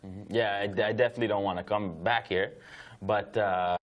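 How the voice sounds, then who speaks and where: A man's voice: lowish voice, steady tone, moderate pace, highs cut off, natural voice. A man playing a defensive, exasperated patient in a training video, pushing back on his counselor. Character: defensive male asthma patient, dog owner.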